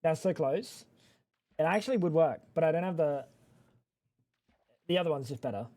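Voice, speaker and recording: A young man on a livestream, chatting loosely and trading crude, teasing banter. His voice sits fairly high but sounds soft and mellow rather than bright. He rambles and trails off mid-thought. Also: lively intonation, normal speed. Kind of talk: casual livestream chat.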